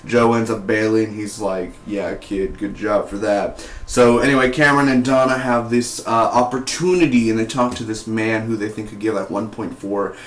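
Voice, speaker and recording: A man's voice: on the low side, fairly even intonation, normal speed, hardly any pauses, echoey room. A man giving a casual spoken review of a TV series, rambling and full of "like" and "you know".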